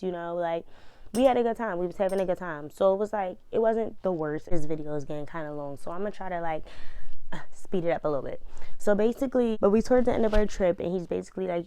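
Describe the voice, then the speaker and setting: A woman, casually telling a personal story in an animated, fired-up way full of slang. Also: on the low side, fast, smooth, no room sound.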